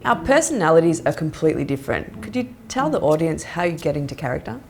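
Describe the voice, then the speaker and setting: A woman's voice: low voice, sing-song, fast, gravelly, music in the background. A woman hosting her own show from a green screen studio, bubbly and teasing in scripted comedic delivery. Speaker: host of a hacks show. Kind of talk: scripted comedic vlog presenting.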